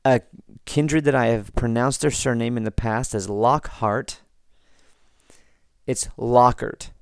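An American man hosting a podcast, reading listener comments and chatting in a relaxed, rambling way with frequent restarts. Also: medium pitch, normal speed, clear, resonant tone, no echo. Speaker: podcast host.

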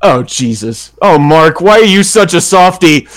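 A man playing in a tabletop role-playing game, talking in a relaxed, rambling way and laughing often. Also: on the high side, normal speed. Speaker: player.

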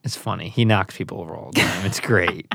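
A man hosting a podcast, talking in a relaxed, chatty way with a guest. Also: sits low, moderate pace, slightly rough, no echo, studio quality. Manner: relaxed, chatty, acts out funny voices. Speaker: podcast host. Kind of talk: casual conversation.

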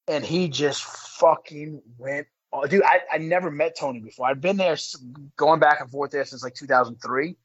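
A man in his forties who used to wrestle professionally rambles through a story as a guest, at a moderate pace and in a voice on the high side. He curses freely and keeps dropping "bro," all captured in dull, lo-fi sound.

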